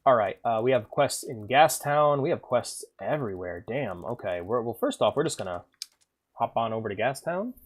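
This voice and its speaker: A man streaming a game, rambling and swearing freely as he thinks out loud between moves. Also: mid-range voice, animated, normal speed, husky. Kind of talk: casual gameplay commentary.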